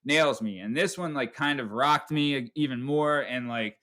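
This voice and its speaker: A man's voice: mid-range voice, moderate pace, sharp tone. A man hosting a podcast, telling a story casually and profanely, tagging lines with "right?". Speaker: podcast host.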